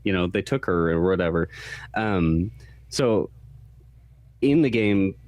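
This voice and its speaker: A man's voice: low-pitched, animated, slow, darkish tone, dry recording. A man co-hosting a podcast in casual chat, laid-back and full of fillers. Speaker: podcast co-host.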